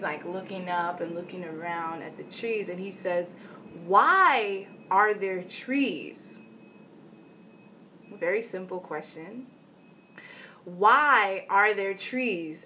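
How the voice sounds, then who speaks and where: A woman's voice: mid-range voice, a little hiss or hum. A woman vlogger giving an earnest motivational talk, telling a story and checking in with "right?" asides. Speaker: inspirational vlogger.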